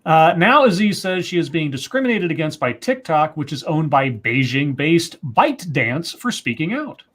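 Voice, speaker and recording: A man's voice: on the high side, very animated, normal speed, fairly bright tone. A man co-hosting a livestream, reading news articles aloud and breaking in with asides and self-corrections. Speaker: co-host.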